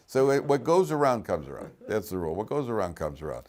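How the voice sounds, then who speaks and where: Speaking fairly quickly with few pauses, a man with a lowish voice teaches a class as a rabbi. His stories are full of jokes and repeated words, delivered in an animated, lively way.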